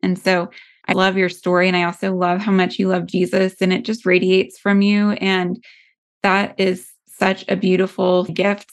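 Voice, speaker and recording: A woman hosting a faith-based interview, speaking in a gentle, earnest, prayerful way. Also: medium pitch. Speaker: podcast host.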